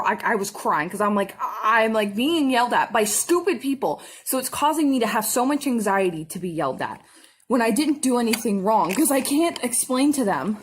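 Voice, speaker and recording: Young woman, husky and slightly high, animated casual storyteller for a makeup vlog. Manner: animated storytelling, acting out customers in quick bursts. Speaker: makeup vlogger. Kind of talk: casual storytime chat while doing makeup.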